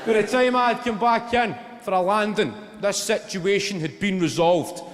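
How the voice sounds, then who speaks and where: A Scottish man with a Glaswegian accent doing a stand-up routine, swearing freely and building stories to loud shouted punchlines. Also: high voice, normal speed, slight background noise. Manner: swearing, animated storytelling with rising shouts. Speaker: stand-up comedian. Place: theatre stage with audience laughter. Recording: long hall reverb, loud ambience.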